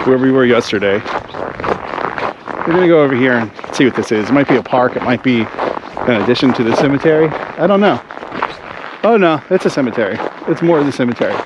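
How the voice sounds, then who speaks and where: A man's voice: medium pitch, lo-fi sound, noisy background. A man casually vlogging while strolling through a snowy cemetery, rambling and thinking aloud with lots of "like". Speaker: travel vlogger. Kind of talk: casual walking vlog. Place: snowy cemetery outdoors in winter.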